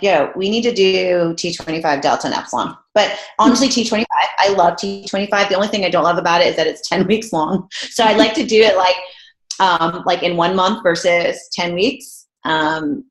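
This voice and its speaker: A woman fitness coach giving a casual, jokey motivational talk in a chatty, bubbly manner. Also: lowish voice. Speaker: fitness coach guest speaker. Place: room, online hangout. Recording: roomy echo.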